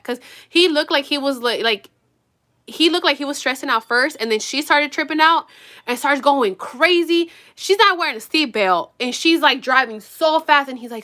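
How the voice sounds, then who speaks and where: Woman vlogger rambling n swearing while getting ready, kinda high voice, super bright. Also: sing-song, normal speed. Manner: rambling, profane, gossipy storytelling; addresses viewers directly.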